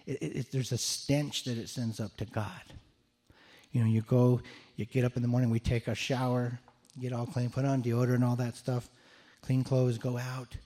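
A male pastor preaching a sermon. His voice is mellow and low in brightness, with a medium pitch. He speaks earnestly and often repeats words as he restarts his thoughts. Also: flat delivery, normal speed.

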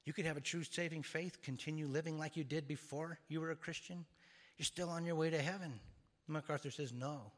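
A man's voice: a little high, steady tone, fairly quick, fairly bright tone. A man preaching an earnest expository sermon, now and then repeating words as he restarts a phrase. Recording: long hall reverb.

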